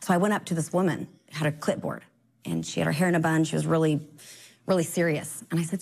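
A woman with a slightly low voice tells her faith story in an easy conversational way. She is earnest and encouraging, and her voice leaps high whenever she acts out what someone said. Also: fast, vocal fry. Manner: animated, acts out quoted dialogue with sudden high pitch jumps. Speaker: guest. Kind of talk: casual faith testimony.

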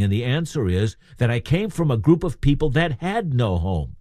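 A man's voice: fairly high pitch, big pitch swings, a little fast, hardly any pauses, warm tone, no echo, studio quality. A man preaching a sermon in a conversational way, asking his listeners questions.

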